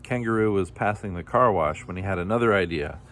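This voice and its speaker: A man with a low voice reading a children's story aloud. He tells it plainly and steadily, and a faint hiss sits under the voice. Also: brisk, a bit bright. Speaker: storybook reader.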